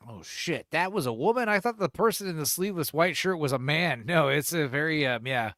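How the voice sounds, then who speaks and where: A man's voice: on the high side, expressive, a little fast, sharp tone, dry recording. Man, podcast co-host, casual rambling chat, lots of swearing, dry close sound. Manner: rambling, profane, jokey, acts out quotes.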